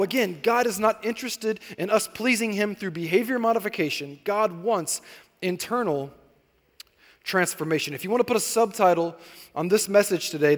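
A man's voice: sits high, big-room sound. A man in his thirties preaching a sermon, telling stories in a conversational way with asides to his listeners. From Arkansas, raised in California. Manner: conversational storytelling with asides to the congregation. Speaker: pastor.

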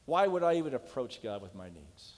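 A man's voice: medium pitch, big pitch swings, fairly quick. Emphatic male preacher in a reverberant hall. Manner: emphatic, questioning, storytelling. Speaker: pastor. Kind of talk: sermon.

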